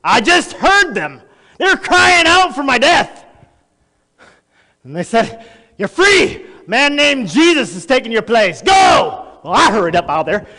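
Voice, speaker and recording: A man's voice: extremely high pitch, very animated, unhurried, pauses often, pushed and bright, raised voice, heavily acted. A man acting a notorious, boastful male criminal in a theatrical monologue, addressing the audience directly. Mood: agitated. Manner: boastful, erratic, talks straight to the audience. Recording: long echoey hall reverb.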